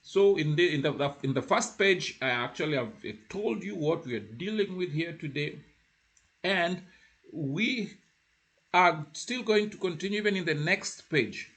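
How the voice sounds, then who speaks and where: A man teaching beginner French, explaining in a halting way with many repeats, and slowing down to model phrases for the listener to repeat. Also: on the high side, animated, a bit bright. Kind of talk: informal spoken lesson.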